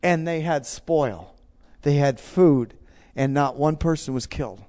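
A middle-aged man with a rather high voice preaches in an emphatic, storytelling way. He drives his points home by repeating himself. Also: lively intonation, a little slow, mellow. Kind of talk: sermon testimony.

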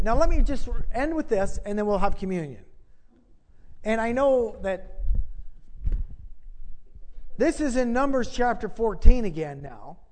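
A male pastor preaching in a church, his voice carried on a long, ringing reverb. He swings widely in pitch as he tells his story and builds toward fervent appeals. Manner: storytelling, then rising to impassioned preaching. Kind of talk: sermon.

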